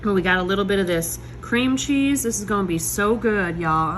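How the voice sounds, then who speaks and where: A woman, showing desserts in her home kitchen in a chatty, excitable way, talking to viewers. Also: mid-range voice, normal speed, background noise. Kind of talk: casual cooking video. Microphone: phone.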